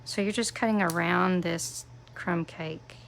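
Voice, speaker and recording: A woman hosts a live craft tutorial in a strongly gravelly, fry-laden voice. She talks slowly and chattily, greeting viewers by name and making playful jokes at her own expense. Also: lowish voice, steady tone, slight background noise. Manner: self-deprecating, playful asides. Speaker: craft demonstrator.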